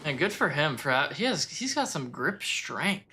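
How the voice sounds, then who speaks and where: A man's voice: on the high side, sing-song, moderate pace, bright, forceful tone, breathy edge. A man streaming a game, chatting casually with his viewers, joking and a little crude as he reacts. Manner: joking, crude, talks straight to chat. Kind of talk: casual gameplay chat with viewers.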